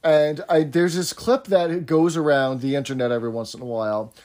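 Higher-voiced man explaining things. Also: fairly even intonation, fairly quick, a little mellow. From New York City area. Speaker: podcast co-host. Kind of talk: casual chat.

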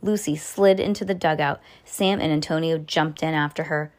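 Woman, low-set voice, expressive read-aloud of a kids' book, animated dialogue. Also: normal speed. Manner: casual asides about the book. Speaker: reader. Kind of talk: reading a children's book aloud.

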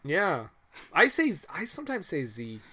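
A man's voice: fairly high pitch, wildly swooping pitch, normal speed, pushed and bright, breathy edge. A Canadian man co-hosting a casual podcast chat, laughing often, swearing and restarting his sentences. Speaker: podcast co-host.

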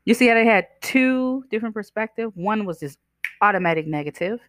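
On her self-help podcast, a woman with a medium-pitched voice talks in an animated, brisk way, motivating listeners and asking them questions in a conversational style. She voices the people in her stories. Slight background noise can be heard.

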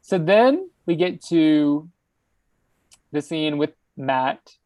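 A woman's voice: deep voice, extremely slow, no room sound. A young woman co-hosting a podcast, chatting casually as she recaps an episode and acts out the lines. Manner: animated retelling, acting out lines. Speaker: podcast co-host.

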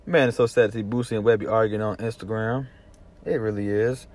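Here a Southern man from Atlanta talks a little fast in a lowish, darkish voice with fairly even intonation, recorded with no echo. His vlog commentary is rambling and profane, packed with restarts and easy laughter.

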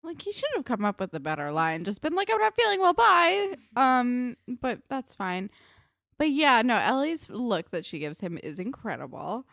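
A woman's voice: medium pitch, big pitch swings, moderate pace, a bit bright, no echo, studio quality. A young woman from New Jersey co-hosting a podcast, recapping a show in casual chat with sarcastic, laughing asides. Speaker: podcast co-host.

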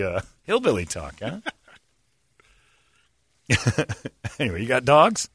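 A talk-show host from Indiana spins casual stories in an animated voice that swings widely in pitch, laughing often and slipping into other people's voices. His tone is bright and forward, and the sound is dry and close. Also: unhurried, husky, no echo. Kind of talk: casual banter and storytelling.

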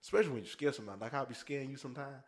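A man hosting a casual podcast chat, telling stories in an animated way and acting out quoted voices. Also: medium pitch, rapid-fire. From Puerto Rican. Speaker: podcast host. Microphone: podcast microphone.

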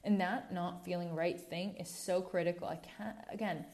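A woman's voice: lowish voice, steady tone, moderate pace, a little mellow. A woman hosting a podcast, talking in a candid, rambling way with frequent self-corrections and asides, a little preachy. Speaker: podcast host. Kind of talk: casual podcast monologue.

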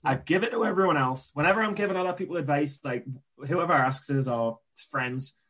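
Man, slightly high voice, casual emphatic podcast talk, trading coach. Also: fairly quick, a bit bright. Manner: emphatic, repetitive, rambling.

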